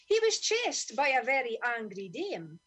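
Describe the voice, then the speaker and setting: A woman telling a story in broad Doric Scots dialect, reading with lively expression. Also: a little high, measured pace, slightly rough.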